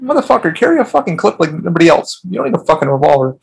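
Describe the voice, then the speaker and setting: A man with a gravelly, slightly husky voice pitched a little high, rambling through a story on his podcast. He swears freely and restarts his sentences often, in a loose, casual storytelling way. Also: sing-song, racing. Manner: profane, rambling, frequent restarts. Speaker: podcast host.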